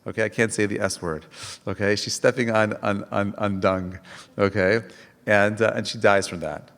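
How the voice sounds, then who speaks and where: A man's voice: on the low side, level tone, normal speed, a bit bright, long reverb tail. A man, a rabbi, giving an impassioned Tisha B'Av lecture, asking rhetorical questions and telling stories with frequent restarts.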